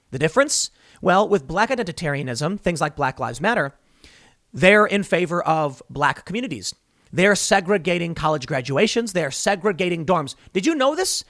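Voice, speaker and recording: A man's voice: fairly high pitch, fairly bright tone, no room sound, clean studio sound. A man hosting solo political commentary, opinionated and rambling, often restarting and going off on asides.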